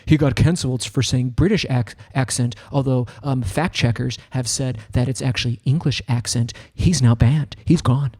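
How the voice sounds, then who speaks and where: A chatty American man streaming a laid-back production session. He rambles happily from one thought to the next at an ordinary pitch. The talk is relaxed and unscripted. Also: moderate pace, few pauses, breathy edge. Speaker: music producer streaming a tutorial. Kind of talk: casual livestream chat. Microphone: studio microphone.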